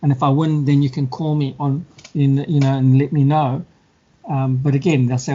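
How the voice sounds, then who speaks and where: A man chatting casually, telling stories and acting out scammers and their victims in quick mock voices. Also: medium pitch, level tone, warm tone. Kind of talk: casual chat. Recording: dull lo-fi sound.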